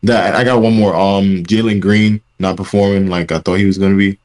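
A man's voice: deep voice, steady tone, a little fast, darkish tone. A young man co-hosting a casual podcast chat, blunt and swearing freely. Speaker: podcast co-host.

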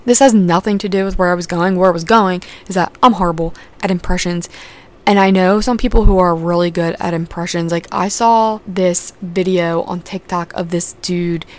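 A woman's voice: fairly low pitch, fairly even intonation, normal speed. A young adult woman hosting a podcast in casual chat, rambling with lots of fillers and casual swearing. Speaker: podcast host.

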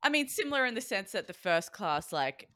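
A woman's voice: mid-range voice, a little fast, dry recording, studio quality. A woman, casually telling stories on a podcast, swearing freely and acting out quotes. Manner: animated storyteller, swears freely, acts out quotes. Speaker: podcast co-host. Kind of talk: casual chat.

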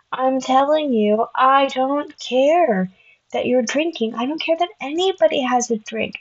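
A woman's voice: mid-range voice, slightly rough. A young woman in her twenties telling dating stories in a casual, chatty way, swearing freely and acting out both sides of each conversation, on a slightly dull recording. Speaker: vlogger. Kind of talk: casual storytelling to camera.

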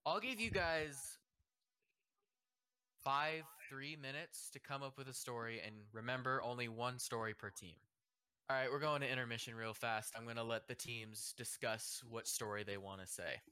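A man's voice: mid-range voice, normal speed, sharp tone, clean tone, no room sound. A young man hosting a casual group chat and telling a long rambling story, laughing as he goes. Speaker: host and judge.

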